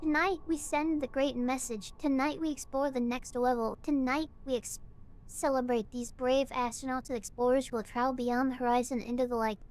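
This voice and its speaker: A woman voicing a solemn cult leader who gives a slow, grave farewell sermon while she reads game text aloud. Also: sits high, steady tone, a little mellow, pitched below the performer's own voice, natural voice. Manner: slow, grave, preaching delivery.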